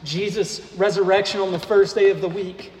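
A man preaches in a church sanctuary, his voice pitched fairly high for a man. He moves slowly and deliberately through rhetorical questions. The sound rings with a long echo off the hall walls. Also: steady tone, a little mellow. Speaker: pastor. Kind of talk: sermon. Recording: echoey hall, faint noise.

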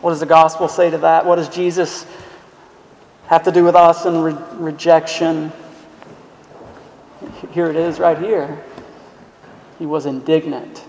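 A man's voice: a little high, little pitch movement, measured pace, creaky, long pauses, darkish tone, a little hiss or hum. A man preaching a sermon as a pastor, earnest and emphatic, asking the listeners questions. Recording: echoey hall sound.

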